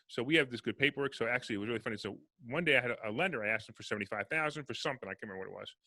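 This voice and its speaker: A man talks in a casual podcast interview, rattling through stories at a quick clip. His voice has a bright, forceful edge. The sound is dry and close. He acts out both sides of each conversation. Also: medium pitch, dry recording. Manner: fast, animated storyteller acting out dialogue. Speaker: real estate investor guest.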